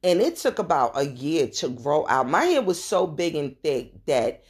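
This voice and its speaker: Low-voiced chatty New woman. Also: moderate pace, breathy edge. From New York. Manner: chatty, animated, laughing asides. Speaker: podcast host. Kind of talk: casual storytelling.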